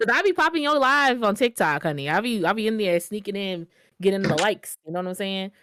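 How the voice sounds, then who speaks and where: A woman's voice: mid-range voice, expressive, fairly quick, fairly bright tone, smooth, dry recording, studio quality. A woman co-hosting a podcast, chatting in a playful, slangy way. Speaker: podcast co-host. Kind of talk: casual chat.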